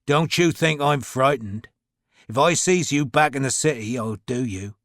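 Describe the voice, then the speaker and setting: A man's voice: mid-range voice, a little slow, a bit bright, no echo, clean studio sound. A male narrator voicing a big, blunt servant who speaks coarsely and earnestly. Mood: gruff, earnest. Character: rough, blunt London servant and brawler, man.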